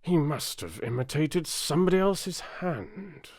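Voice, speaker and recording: A man with a British accent voicing a pompous, blustering, easily flustered king in a loud, drawn-out voice for an audiobook. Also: a little high, expressive, breathy edge, dry recording, studio quality, voice pushed up. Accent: British English. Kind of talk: audiobook character voice.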